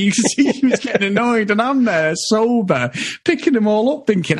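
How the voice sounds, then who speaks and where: A man co-hosts a podcast. He tells a sweary, laughing anecdote in a slightly raised, husky voice. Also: high-pitched, lively intonation, moderate pace. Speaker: podcast co-host. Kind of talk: casual chat.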